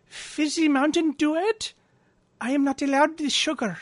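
A man putting on the voice of a whimsical, eccentric woman singer in a comic read-through, with slow, oddly formal phrasing. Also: extremely high pitch, steady tone, voice pushed up.

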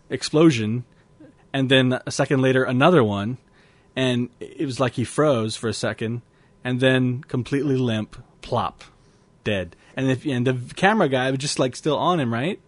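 A man's voice: medium pitch, a little slow, no room sound. A man co-hosting a casual podcast, laughing often and rambling through stories. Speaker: podcast co-host.

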